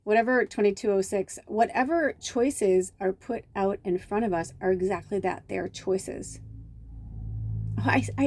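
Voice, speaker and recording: A woman's voice: medium pitch, lively intonation, normal speed, darkish tone. A middle-aged woman, a medium, telling chatty, rambling stories in a casual spiritual vlog, full of restarts and fillers. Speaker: medium and tarot reader.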